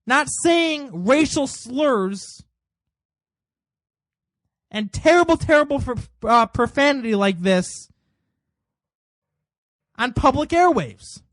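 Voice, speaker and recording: A man's voice: extremely high pitch, fairly bright tone, dry recording. A man hosting a political commentary show, delivering an indignant monologue full of rhetorical questions.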